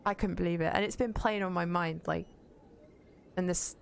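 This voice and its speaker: A woman's voice: lowish voice, fairly even intonation, normal speed, gravelly, slight background noise. A young woman streaming a game, chatting bluntly with viewers and swearing freely. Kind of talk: casual gaming stream chat.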